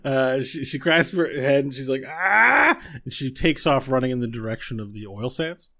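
Animated man running a tabletop game. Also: mid-range voice, brisk. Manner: animated storytelling, laughs often. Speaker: game master.

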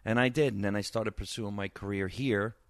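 A man's voice: lowish voice, fairly quick, no room sound, studio quality. A middle-aged man from New Jersey with a New Jersey accent, a comedian chatting as a radio guest and telling stories. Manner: storytelling, animated impressions of his mother. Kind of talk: casual interview chat.

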